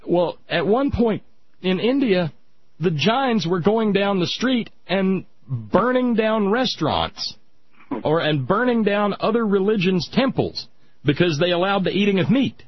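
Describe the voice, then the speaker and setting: A man with a husky, somewhat breathy voice, chatting on a radio show. He goes from easy talk to loud, pointed ranting. The sound is dry and a bit dull, like a radio broadcast. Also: high voice, very animated, a little slow, dry recording. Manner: ranting, rising to loud emphatic peaks.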